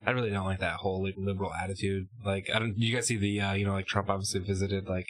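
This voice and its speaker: Low-voiced man, halting chat. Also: flat delivery, fairly bright tone, no room sound. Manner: halting, filler-heavy. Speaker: podcast co-host. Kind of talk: casual political chat.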